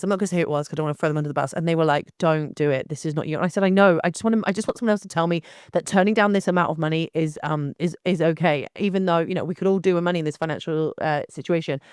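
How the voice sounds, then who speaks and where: A young woman, hosting her own podcast in a blunt, animated, casual monologue with frequent restarts. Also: lowish voice, very fast, hardly any pauses, clear, resonant tone, no room sound, studio quality.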